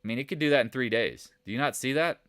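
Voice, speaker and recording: Animated man hosting a live market chat. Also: medium pitch, fast talker. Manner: animated, rhetorical questions, coaching tone. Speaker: trading channel host.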